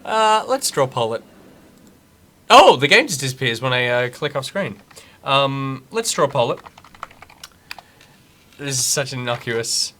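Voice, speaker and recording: A man's voice: mid-range voice, lively intonation, normal speed, pushed and bright, slight background noise. A man streaming a video game, chatting casually, reading the game's text aloud and reacting jokily. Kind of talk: casual live gameplay commentary.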